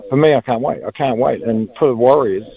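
A man's voice: medium pitch, a little fast, vocal fry. A man with a New Zealand accent calling a talkback radio show, chatting rambly about rugby. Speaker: caller. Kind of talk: phoned-in talkback chat. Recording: tinny phone line.

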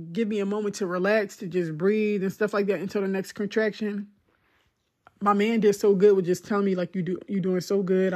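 A young woman hosting a podcast, telling a personal story in a conversational, emotional way with many "like"s. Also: medium pitch. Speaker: podcast host.

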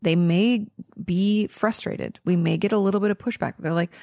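A woman's voice: mid-range voice, fairly even intonation, normal speed, vocal fry, mellow, no room sound, studio quality. A young woman hosting a podcast, answering listener questions in an earnest, reassuring way, tired and yawning, with plenty of ums and restarts. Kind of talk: casual advice talk.

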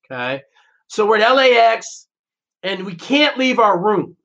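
This high-voiced man talks at a measured pace with a creaky edge. A former Navy SEAL on the show, he tells brash, profane stories with animated flair in casual conversation, captured in dull lo-fi podcast audio.

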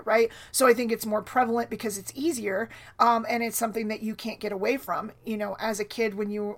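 A woman hosting a casual solo podcast, talking in a chatty, rambling way with frequent restarts and tag questions, foggy from a sinus headache. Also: on the high side. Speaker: podcast host.

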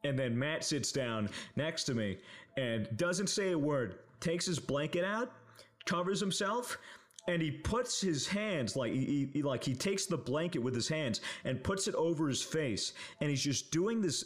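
A man's voice: on the high side, lively intonation, unhurried. A young man telling a casual story on a podcast, rambling with lots of fillers, swearing and laughing as he goes. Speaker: podcast co-host.

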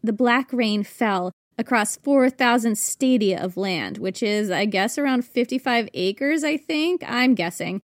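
A woman's voice: fairly high pitch, lively intonation, a little slow, hardly any pauses, no echo, clean studio sound. A woman co-hosting a podcast, telling history stories in a playful, chatty way and thinking aloud as she goes. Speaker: podcast co-host. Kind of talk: casual history storytelling.

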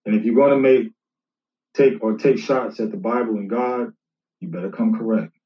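A man's voice: on the low side, fairly even intonation, normal speed. A man, a minister, casually rebutting critics and reading scripture aloud, repeating himself and talking straight to his opponent. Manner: conversational, repeats himself, addresses an opponent directly. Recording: roomy, distant, dull lo-fi sound.

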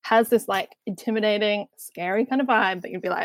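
A woman's voice: mid-range voice, fairly quick, no echo. A woman co-hosting a movie podcast, chatty and giggly, with lots of fillers. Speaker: podcast co-host. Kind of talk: casual movie discussion.

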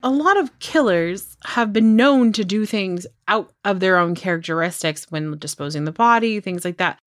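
A woman's voice: medium pitch, moderate pace, dry recording, studio quality. A woman co-hosting a podcast, chatting casually about a true-crime case, swearing freely and acting out mocking quotes. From grew up on a farm. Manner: swearing, animated retelling with mocking quoted voices. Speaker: podcast co-host.

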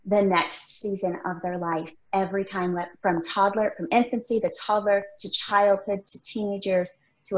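A woman in her thirties co-hosting a casual talk show, speaking earnestly and encouragingly as she tells a personal story. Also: medium pitch. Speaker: podcast co-host. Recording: roomy, slightly dull sound.

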